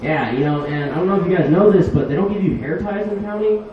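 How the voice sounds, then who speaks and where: Man doing crude stand-up in a bar, slightly high voice, distant muffled recording. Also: fast, heavy reverb. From Los Angeles. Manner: loud crude storytelling, acts out voices. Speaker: stand-up comedian. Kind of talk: stand-up set. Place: small comedy bar.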